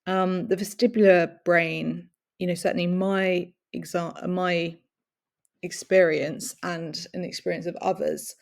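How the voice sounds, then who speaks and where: A woman's voice: lowish voice, little pitch movement, measured pace, gravelly. A woman giving a long personal talk, reflective and searching for words, with many fillers and small laughs. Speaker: speaker sharing personal experience.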